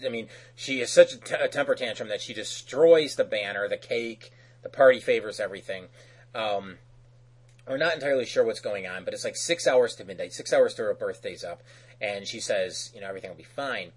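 A man co-hosting a podcast, recapping an episode in casual chat, animated and loose, often laughing and acting out characters' lines. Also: fairly low pitch, brisk, breathy edge, poor audio. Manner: loose, with frequent fillers and restarts. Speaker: podcast co-host.

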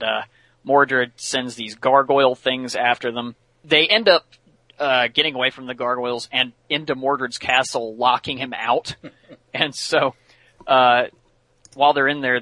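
Man, podcast host, chatty recap, bright voice, dry sound. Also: mid-range voice, no room sound. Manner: chatty, many fillers, laughs while telling. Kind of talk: casual episode recap.

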